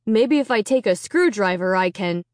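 A woman voicing a father who explains calmly and mutters sternly when annoyed. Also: mid-range voice, normal speed, no room sound, studio quality, natural voice. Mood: calm explaining. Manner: calm, then muttering and stern. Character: patient grown man, a father, easily annoyed.

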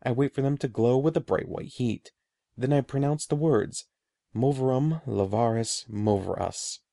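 A man voicing an old, sorrowful male wizard who speaks softly and gravely, halting with grief. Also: mid-range voice, no echo, clean studio sound.

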